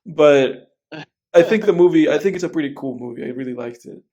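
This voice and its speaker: A young man co-hosts a film podcast in casual chat, rambling, swearing, laughing a lot and acting out scenes. His voice is a little high and darkish, his pace brisk, and the recording sounds muffled.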